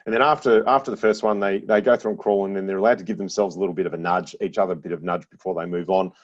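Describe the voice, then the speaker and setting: A middle-aged man, a podcast guest, chatting casually and telling animated stories, laughing often and restarting his phrases. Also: deep voice, racing. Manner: animated storyteller with frequent laughs and repeated restarts. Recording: dull lo-fi sound.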